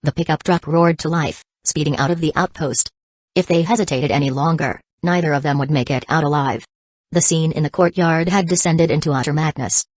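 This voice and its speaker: A woman reads an action novel aloud in a low, steady voice. The sound is dry and close, with no room around it. Her delivery stays even and measured. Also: no room sound. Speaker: audiobook narrator. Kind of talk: scripted audiobook narration.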